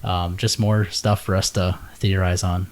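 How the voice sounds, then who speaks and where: A man's voice: low voice, little pitch movement, measured pace. A man co-hosting a podcast, chatting casually in a laid-back, rambling way and laughing often. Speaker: podcast co-host. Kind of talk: casual chat.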